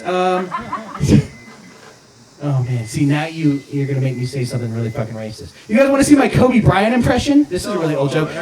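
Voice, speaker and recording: A man's voice: on the high side, roomy sound. A man doing a stand-up comedy set, crude and self-interrupting, often laughing at his own jokes. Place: outdoor backyard show. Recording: live crowd recording from far off. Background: audience laughing.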